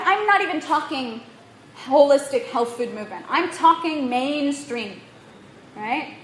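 A woman with a non-native accent giving a lively lecture to a live audience, quizzing them and often asking "right?". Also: high-pitched. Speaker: workshop presenter. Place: room in Bali. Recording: echoey room, faint room noise.

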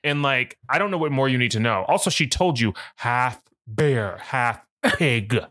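A man's voice: mid-range voice, animated, a little slow, pushed and bright, dry recording, clean studio sound. A man co-hosting a podcast, chatting casually about a movie and joking as he riffs on tangents. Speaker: podcast co-host. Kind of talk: casual movie review chat.

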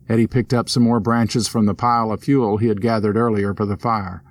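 Male narrator for a spooky audio story, low voice, steady delivery. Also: brisk, few pauses, dry recording. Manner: steady storyteller, voices characters with lifted pitch. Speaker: narrator and host.

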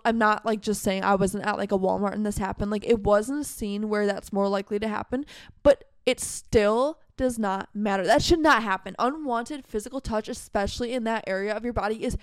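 A woman's voice: mid-range voice, clean tone, no room sound, clean studio sound. A young woman hosting a podcast, talking heatedly and candidly in a casual monologue full of "like". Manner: heated, fast and emphatic, heavy use of "like". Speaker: podcast host.

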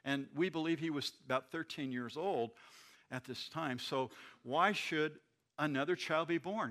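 A man preaching an expository sermon, explaining a scripture passage in a conversational, animated way. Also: a little high, moderate pace. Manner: conversational, animated retelling with acted quotes.

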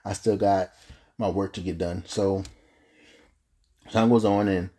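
A man's voice: low-pitched, fairly even intonation, unhurried, warm tone, breathy edge. A young man telling a personal story in a casual, earnest, rambling way, full of restarts. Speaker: podcast host telling his story.

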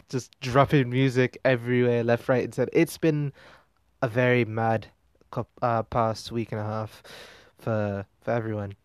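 A man's voice: medium pitch, a little mellow, smooth, no echo, clean studio sound. A man hosting a music commentary show, talking casually and rambling with fillers and restarts. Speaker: podcast host.

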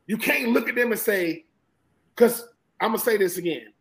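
A former college football player from Georgia, with a Southern American accent, talks football as a guest in casual sports chat. His voice is high-pitched and moderately paced, and he speaks animatedly and emphatically, often repeating himself, over poor audio.

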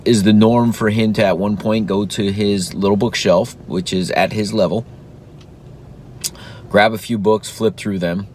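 A man's voice: fairly low pitch, a little mellow, slight background noise. A man in his thirties, a father and host, talking casually and earnestly, now and then acting out his own sing-song praise to his little son. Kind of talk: casual reflective talk.

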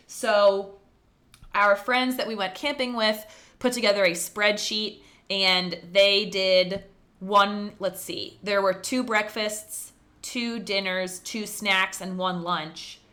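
A young adult woman with a bright, forward voice hosts a podcast with her sister. She talks in a relaxed, rambling way, telling stories with plenty of laughter and quick asides. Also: mid-range voice. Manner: animated, laughs often, rambling storytelling. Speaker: podcast co-host. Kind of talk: casual chat between sisters.

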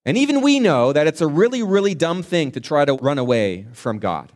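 Frightened sailors , as a male preacher plays them, fire off blunt, exasperated questions in a raised, lively voice. They sound worried and fed up at once. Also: on the high side, brisk, voice pushed up.

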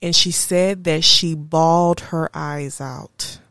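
A young adult woman, telling a personal story in a slow, reflective and candid way as a podcast host. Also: low-pitched, fairly even intonation, fairly bright tone, no room sound, clean studio sound. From Houston, Texas area. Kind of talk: personal monologue.

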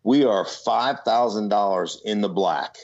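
A man, a guest in an interview, telling an animated story with frequent "right?" asides and mimicked voices. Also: lowish voice, measured pace. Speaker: guest, former football player and entrepreneur. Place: remote from home city. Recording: slightly muffled lo-fi audio.

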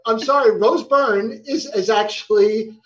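A man's voice: high-pitched, measured pace, a bit bright, highs cut off. A man hosting a casual quiz game among friends, playful, swearing and laughing, tripping over his own answers. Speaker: game host.

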